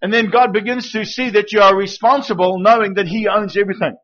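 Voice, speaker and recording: A man with a high voice preaches as a guest speaker, acting out little dialogues as he tells his stories. At times he drops to a hushed, intimate tone. The recording sounds dull and lo-fi. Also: fast talker. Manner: animated storytelling with acted quotes. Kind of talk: sermon.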